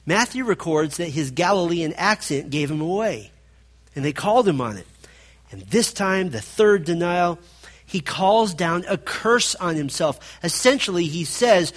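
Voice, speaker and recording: A man preaching a sermon, swinging between loud emphatic passages and hushed, low stretches as he retells a scripture story. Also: lively intonation, moderate pace.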